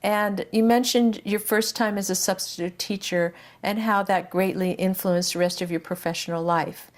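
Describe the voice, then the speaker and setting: Woman host, mid pitch, warm affirmations between questions. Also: steady tone. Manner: warm, encouraging, quick affirmations. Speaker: interview host. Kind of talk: conversational interview.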